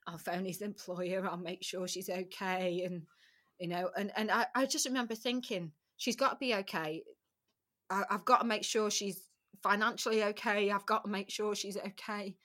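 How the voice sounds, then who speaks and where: A middle-aged woman speaks as a podcast guest, telling a personal story with a bright, forceful voice. She talks frankly and emotionally, breaking off and restarting her sentences often and letting the odd swear word slip. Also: mid-range voice, fairly even intonation, moderate pace. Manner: candid, emotional, with frequent restarts.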